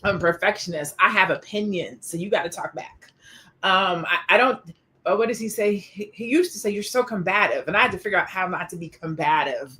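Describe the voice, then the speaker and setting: A woman hosting a casual panel discussion, animated and expressive, acting out quoted exchanges as she talks. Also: fairly low pitch, fairly quick. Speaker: podcast host.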